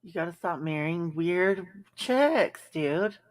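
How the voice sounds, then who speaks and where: A woman's voice: on the low side, lively intonation, slow pace. A woman hosting a live stream, chatting casually and bluntly with viewers, sarcastic and full of ums. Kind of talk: casual chat reacting to viewer comments.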